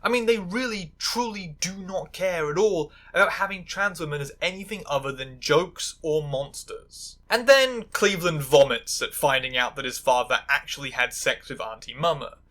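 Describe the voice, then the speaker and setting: A woman's voice: low-pitched, normal speed, hardly any pauses, a bit bright. A woman giving sarcastic video essay commentary, full of stammering restarts and angry asides.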